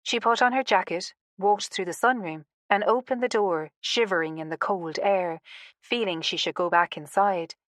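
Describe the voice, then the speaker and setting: A woman's voice: medium pitch, moderate pace, fairly bright tone, dry recording. Woman narrating an audiobook, dry sound. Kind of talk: scripted narration.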